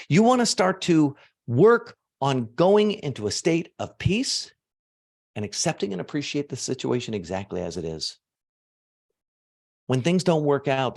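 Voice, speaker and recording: Animated man teaching manifestation, lively pitch. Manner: animated, swings from soft low asides to loud emphatic bursts; casual, uses fillers like "like" and "you know". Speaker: manifestation coach. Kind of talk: motivational teaching talk to an audience.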